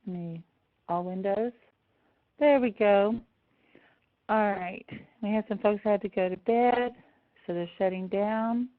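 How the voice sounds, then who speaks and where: A woman's voice: medium pitch, unhurried, pauses often. Woman presenter, emotional and affectionate, narrow phone-like sound, web call mic. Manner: tender and emotional, close to tears; warm, affectionate address to attendees. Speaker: seminar presenter. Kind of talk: live online seminar talk. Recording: tinny phone-like audio.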